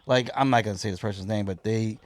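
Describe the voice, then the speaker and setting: A man's voice: fairly low pitch, fast talker, dry recording. A man from the Chicago area, a comedian on a podcast, telling profane stories and acting out both sides of arguments. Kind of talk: casual chat.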